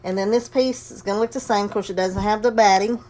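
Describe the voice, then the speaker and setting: A woman's voice: mid-range voice, steady tone, fast, a little mellow. A woman casually demonstrating a sewing project, chatty and folksy, talking herself through each step and breathing a little heavily. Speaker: crafting tutorial host.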